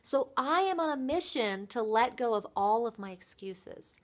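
A woman voice coach giving a motivational vlog talk, earnest and reflective, with thoughtful pauses. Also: a little high, animated.

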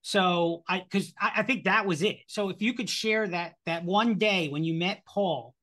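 A man's voice: sits high, normal speed, bright, forceful tone. A man hosting a podcast interview who asks his questions hesitantly, often restarting them. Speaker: podcast host.

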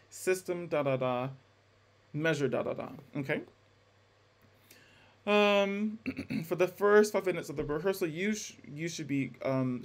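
Lecturing man, fairly high voice. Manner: casual, restarts and self-corrections, demonstrates sung vowels. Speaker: music instructor. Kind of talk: classroom lecture.

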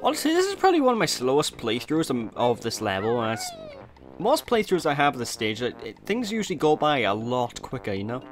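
A man's voice: medium pitch, wildly swooping pitch, a little fast. A young Welsh man giving rambling, jokey, self-deprecating commentary over a video game. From Wales. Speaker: let's play host. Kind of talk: gameplay commentary.

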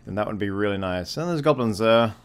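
Excitable swearing gameplay commentator man. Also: lowish voice, fairly quick. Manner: excitable, swears often, frequent exclamations. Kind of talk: casual let's-play commentary.

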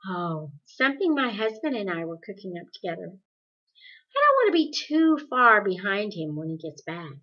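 A woman voicing a calm, gentle middle-aged mother who speaks softly and reassuringly, in a dull lo-fi recording. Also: medium pitch, moderate pace.

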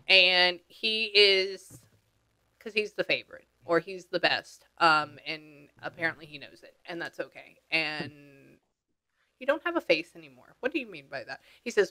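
A woman's voice: fairly low pitch, measured pace, bright, forceful tone, smooth. A woman working as a psychic medium, talking casually with clients and relaying what she hears in a chatty way, with slang and the odd swear word. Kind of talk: casual session talk.

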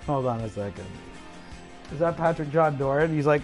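Over soft background music, a livestreamer goes on a profane, aggressive tirade, taunting, mumbling asides, and chuckling between curses. His voice is a little high and darkish in tone, animated, at a normal speed.

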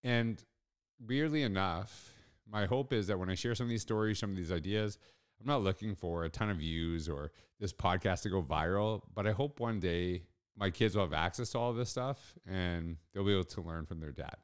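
A man's voice: deep voice, moderate pace, clear, resonant tone. A middle-aged man hosting a solo podcast, telling a story in an earnest, reflective way. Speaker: podcast host.

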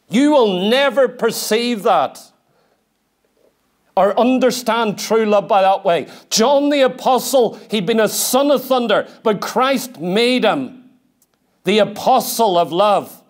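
A man preaching a sermon in a church, emphatic and questioning, at times dropping to a quiet, intense delivery. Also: sits high. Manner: emphatic, asks the congregation direct questions.

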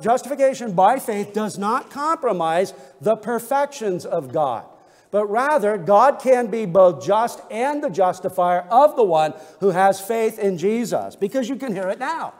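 High-voiced male pastor in a reverberant church. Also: darkish tone. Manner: earnest preaching with emphatic restatements and scripture readings. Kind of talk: expository sermon. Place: church sanctuary.

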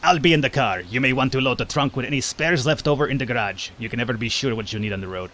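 A man voicing a gruff male mechanic uncle from a game, giving orders. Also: medium pitch, lively intonation, fast talker, a bit bright, slight background noise, close to an everyday voice. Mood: instructing.

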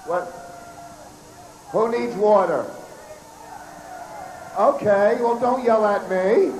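A hoarse male comedian emceeing an outdoor festival stage, joking brashly and swearing at the crowd. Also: sits high, drawn-out words, darkish tone, slight background noise. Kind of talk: stage banter. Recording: echoey outdoor PA sound.

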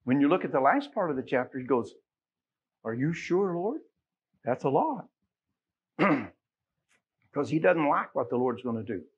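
A man's voice: medium pitch, lively intonation, moderate pace, pauses often, husky, highs cut off. A man with a Texan accent preaching a sermon as pastor, folksy and joking with his congregation.

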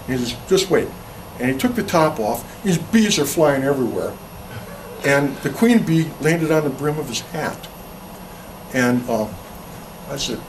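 A folksy man gives a workshop talk on carving, rambling, restarting his words and slipping in jokes. His voice sits a bit high for a man. He is heard from some distance off the mic, with faint room ambience behind him. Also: big pitch swings, normal speed, a little hiss or hum. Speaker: chainsaw carving instructor. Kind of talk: casual workshop talk to an audience.

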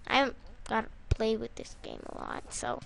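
A woman giving casual, rambling gameplay commentary, excitable and prone to loud outbursts, with music behind her. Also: on the high side, normal speed, vocal fry, dry recording. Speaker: gaming YouTuber.

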